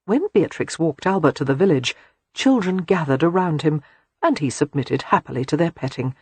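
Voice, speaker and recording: Husky-voiced woman narrating a romance. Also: low voice, dry recording. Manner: measured, expressive reading. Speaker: audiobook narrator. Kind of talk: scripted narration.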